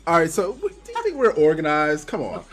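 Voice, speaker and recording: Host guy, fairly high, animated, lots of laughs and tripping over his words. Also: a little fast. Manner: laughing, stumbling restarts, teasing. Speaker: stream host. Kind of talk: casual chat on a charity game stream.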